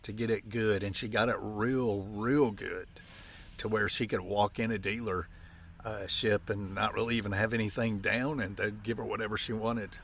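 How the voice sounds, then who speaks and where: A man in his fifties from Appalachia, ranting to the camera as a vlogger in an aggravated, folksy, repetitive way with sudden high exclamations. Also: steady tone, moderate pace, gravelly, fairly bright tone, a little hiss or hum.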